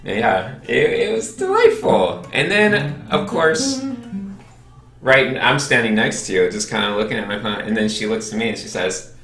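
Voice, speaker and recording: A man's voice: mid-range voice, normal speed, echoey room, distant mic, faint music behind. A young man hosting a casual podcast chat, telling a story and acting out the quotes. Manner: animated storyteller, acts out quotes. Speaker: podcast host.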